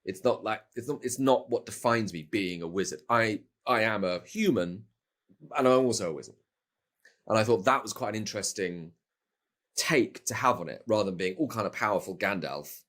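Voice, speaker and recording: A man's voice: on the low side, normal speed, fairly bright tone. A middle-aged British man, a voice actor, chatting casually in an interview, rambling with restarts and playful asides. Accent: British English. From Britain. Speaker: voice actor guest.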